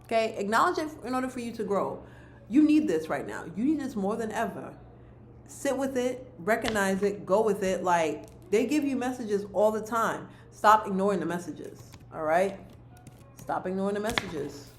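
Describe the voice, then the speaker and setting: A woman gives her viewers a monthly card reading. She talks to them earnestly and repeats her key phrases for emphasis. Her voice sits at a middling pitch and carries a roomy echo with faint background noise. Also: animated, moderate pace, darkish tone. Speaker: spiritual card reader.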